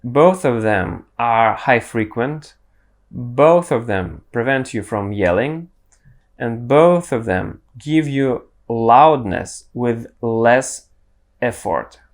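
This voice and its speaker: A man's voice: mid-range voice, lively intonation, slow pace. A man teaching singing, explaining step by step with the odd self-correction. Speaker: vocal coach.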